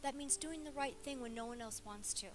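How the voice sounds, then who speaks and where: A woman preaching at a women's conference, animated and jokey, swinging from loud to hushed. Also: high voice, fairly quick, noisy background. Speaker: conference speaker. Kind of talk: sermon.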